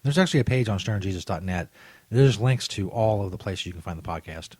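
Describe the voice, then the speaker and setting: A man's voice: fairly low pitch, animated, quick pace, a little mellow, slightly rough, no room sound. A male radio host with a crude, irritable and mock-outraged way of talking, on a comedy show. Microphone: studio microphone. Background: faint music.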